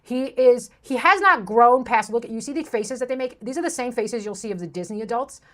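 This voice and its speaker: A woman's voice: a little high, fairly quick, a bit bright. A woman hosting a commentary video, ranting in an abrasive, insulting, sarcastic way from a room with a plain wall. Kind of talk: ranting commentary over clips.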